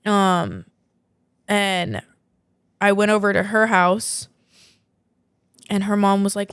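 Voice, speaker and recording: A young woman chats on a podcast, winding through a story with a steady stream of fillers. Her voice is smooth and clear at a middling pitch. The sound is dry and close. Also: moderate pace, dry recording. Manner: rambling storyteller, many "like" fillers. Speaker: podcast co-host. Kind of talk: casual chat.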